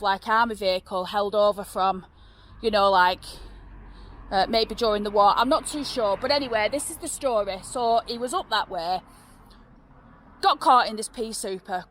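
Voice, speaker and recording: A woman's voice: mid-range voice, a bit bright. A woman with a Northern English accent, telling local ghost stories in a rambling, chatty way outdoors, with many fillers and restarts. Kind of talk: casual storytelling on location. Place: outdoors by a road.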